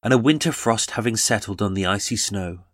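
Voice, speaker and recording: A man's voice: lowish voice, fairly quick, fairly bright tone, dry recording. A man giving dramatic scripted true-crime narration and dwelling on detail.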